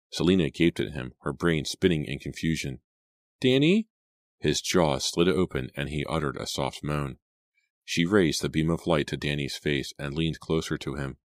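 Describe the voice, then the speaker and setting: A man narrating a horror audiobook in a measured, suspenseful read on a close mic. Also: very deep voice, dry recording.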